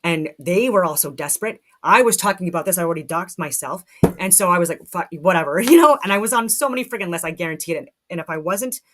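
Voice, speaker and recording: Animated, swearing woman commentator. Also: on the low side, fast talker, heavy background noise. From Canada. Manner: animated, swears freely, frequent restarts. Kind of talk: casual spoken commentary.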